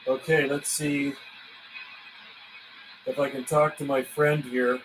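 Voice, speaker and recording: A man running a CB radio livestream, calling out call signs in a steady rhythm between casual chat. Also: medium pitch, slow pace, long pauses, rough recording. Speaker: CB radio operator and livestream host. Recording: radio static and hiss in the background.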